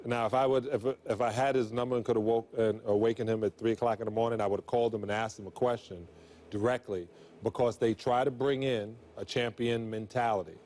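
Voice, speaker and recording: A man's voice: medium pitch, steady tone, fairly quick, a little mellow. Earnest middle-aged man talking sports. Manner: earnest, rambling with restarts. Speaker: sports analyst. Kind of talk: sports talk show discussion.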